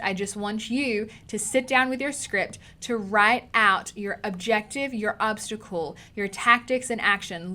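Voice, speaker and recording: A woman's voice: medium pitch, pushed and bright. A woman with an Australian accent giving an online acting lesson, emphatic and repeating key words for stress. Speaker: acting teacher.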